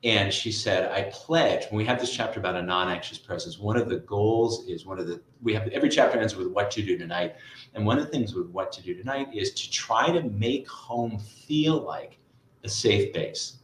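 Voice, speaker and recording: A middle-aged man, a guest tutor and author, telling stories in a lively conversational interview and often adding "right?". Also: on the low side, moderate pace, roomy sound, a little hiss or hum, poor audio. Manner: lively, storytelling, frequent "right?" asides.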